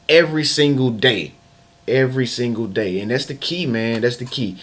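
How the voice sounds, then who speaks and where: A man giving a casual, slangy motivational talk as a vlog host, hammering phrases again and again and often restarting sentences. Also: mid-range voice. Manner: emphatic and repetitive, hammering phrases over and over. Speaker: motivational vlogger.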